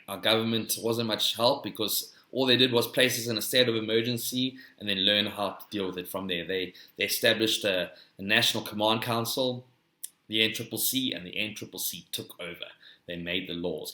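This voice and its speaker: A man's voice: fairly low pitch, bright, forceful tone, echoey room. A South African man hosting his own podcast, talking in a rambling casual monologue to his listeners. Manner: rambling, addresses listeners as "guys", tags "eh?". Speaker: podcast host.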